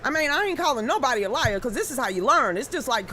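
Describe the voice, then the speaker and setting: An excitable woman runs a casual live stream, reading viewer comments aloud. Her voice sits fairly high, and she stumbles through restarts before bursting into exclamations. A faint background hum sits under her talk. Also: fast, few pauses.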